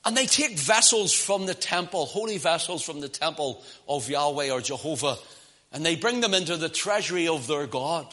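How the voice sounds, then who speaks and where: High, bright-voiced male preacher. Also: expressive, moderate pace. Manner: impassioned, swings from loud emphasis to hushed asides. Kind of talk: sermon.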